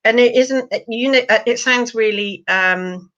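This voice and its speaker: A woman's voice: a little high, unhurried. Chatty woman, muffled sound. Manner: chatty, lively storyteller, full of fillers. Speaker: animal communicator. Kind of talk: interview guest telling anecdotes.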